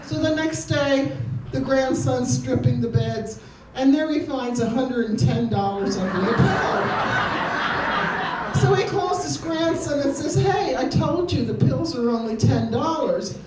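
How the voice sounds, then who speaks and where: A woman's voice: sits high, animated, a little slow, darkish tone, slight background noise. An older woman doing stand-up on a community stage, telling jokes in an easygoing, anecdotal way. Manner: easygoing, anecdotal joke delivery. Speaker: amateur stand-up comedian. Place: community hall with an audience. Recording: echoey hall, distant room mic.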